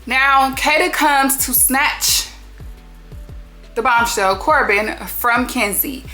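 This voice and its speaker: A woman hosting a reality show recap, talking in an animated, sassy way full of slang and swearing. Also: high-pitched, slow, soft background music. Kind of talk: casual TV recap commentary.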